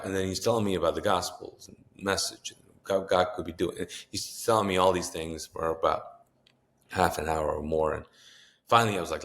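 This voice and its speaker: A man in his fifties speaks with a notably low voice. He is a pastor talking with a host and tells a personal story in earnest. He slips into the voices of the people he quotes. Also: fairly even intonation, fast, fairly bright tone. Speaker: pastor and author, interview guest.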